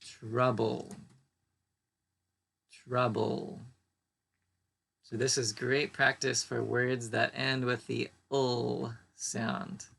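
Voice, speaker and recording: A man teaching an English pronunciation lesson, saying each word slowly and carefully twice. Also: mid-range voice, flat delivery, vocal fry, a bit bright. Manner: slow, deliberate modeling of each word twice.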